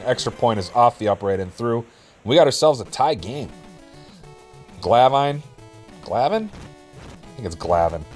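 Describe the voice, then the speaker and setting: A man doing relaxed, jokey play-by-play commentary over a video football game, with self-deprecating asides. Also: medium pitch.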